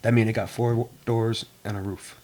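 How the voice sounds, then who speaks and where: A man co-hosting a casual podcast, teasing and quick with jokes. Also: fairly low pitch, flat delivery, warm tone. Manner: teasing, quick, laughs often. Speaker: podcast co-host. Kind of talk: casual chat.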